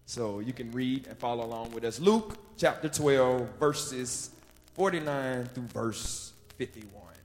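A man's voice: medium pitch, a little slow. A young man greeting his family and pastors from the pulpit, then preaching with an emotional, building cadence. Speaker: youth day preacher. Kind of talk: church sermon with acknowledgements. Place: large church sanctuary. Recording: hall reverb with faint music.

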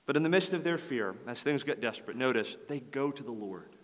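A man preaching a sermon as a pastor, building emphatic rhetorical lists and dropping to soft asides. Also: medium pitch, lively intonation, brisk, in a large hall.

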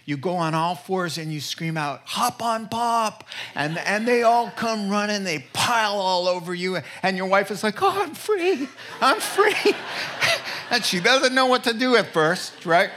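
Male pastor, bright slightly high voice, animated storyteller who drops to a hush for emphasis. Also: moderate pace, hardly any pauses. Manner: animated storytelling with wide pitch swings; drops to soft, quiet delivery for emphasis. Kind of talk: sermon.

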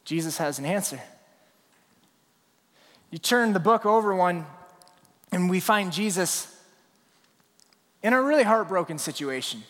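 Preaching in a church sanctuary, a male pastor tells stories and animatedly acts out scenes, his high voice moving a little slowly with long pauses. The recording carries long reverb from the large hall.

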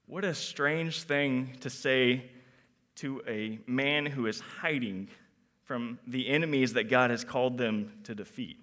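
A man preaching a sermon to young people, animated, acting out quotes and moving between loud emphasis and quiet reflection. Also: mid-range voice, slow pace. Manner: animated, acts out quotes in different voices.

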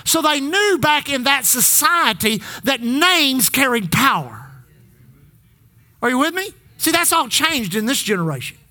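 A preacher delivers a sermon in church, exhorting the congregation to repeat after them. The voice sits high and swings widely in pitch, with a bright, forceful edge. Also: sing-song, measured pace. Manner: exhorting, call-and-response with the congregation. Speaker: pastor.

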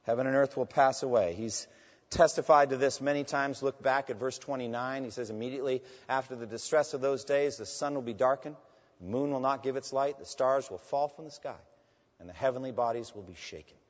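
Man preaching in a reverberant hall. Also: brisk. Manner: preaching with rising emphasis on quoted scripture, dropping low on asides to "friends". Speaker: pastor. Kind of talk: sermon. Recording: dull reverberant hall sound.

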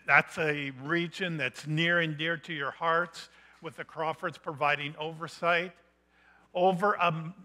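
A middle-aged male preacher delivering a missions sermon. His voice sits a little high and bright, with a forceful edge. He builds point by point and rises to emphatic, loud declarations.

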